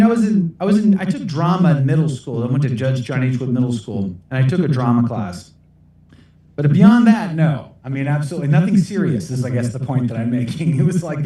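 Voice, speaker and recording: A man's voice: medium pitch, warm tone, very echoey, distant mic. A middle-aged American man answering livestream questions in a rambling, self-deprecating way, laughing often. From United States. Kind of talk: casual livestream Q&A.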